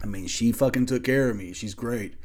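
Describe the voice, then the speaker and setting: A man hosting his own podcast, ranting angrily and profanely about college sports, swinging from loud outbursts to low muttering, recorded in a small home studio. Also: a little fast. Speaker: podcast host.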